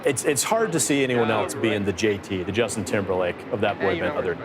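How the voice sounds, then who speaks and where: A man's voice: fairly low pitch, fairly quick, noisy background. A man bantering casually as a golf co-commentator, chatty and joking.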